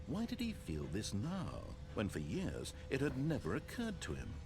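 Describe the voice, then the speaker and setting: A man's voice: medium pitch, huge pitch swings, normal speed. A man voicing the sardonic male narrator of a game, speaking scripted lines with dry, mock-awed sarcasm. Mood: wry.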